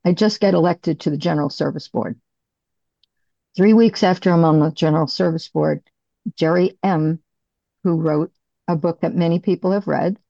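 A middle-aged woman giving a candid, halting personal recovery share as a speaker. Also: lowish voice, vocal fry, warm tone, dry recording, dull audio.

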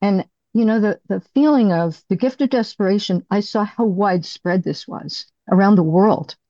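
A woman's voice: medium pitch, dark tone, no room sound, highs cut off. Earnest middle-aged woman sharing her recovery. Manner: candid, halting, earnest. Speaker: recovery program speaker. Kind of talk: personal recovery share.

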